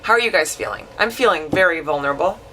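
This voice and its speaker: A young woman from Wisconsin vlogging a comic story, rambling and self-mocking with quick asides. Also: on the low side, animated, heavy background noise.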